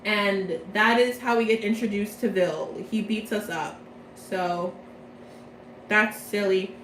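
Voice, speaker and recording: A woman's voice: medium pitch, steady tone, slow pace, fairly bright tone, echoey room, slight background noise, rough recording. A young woman giving a casual plot recap from memory, chatty and slangy, rambling playfully. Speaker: vlogger.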